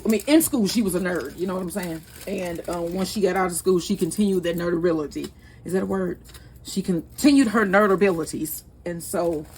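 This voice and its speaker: Chatty low-voiced woman cooking. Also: darkish tone, a little hiss or hum. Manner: chatty, rambling, laughs easily. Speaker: cooking channel host. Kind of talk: casual cooking vlog chat.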